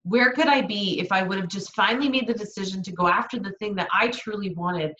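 A woman's voice: medium pitch, fairly bright tone. A woman co-hosting a motivational podcast, talking earnestly and preaching about taking action. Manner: earnest, preachy, fast bursts. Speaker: podcast co-host. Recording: echoey room, dull lo-fi sound.

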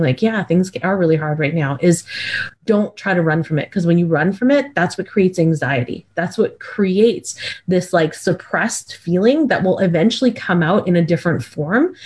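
Casting: woman podcast co-host, somewhat low voice, earnest and reflective, gently encouraging. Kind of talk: casual podcast chat.

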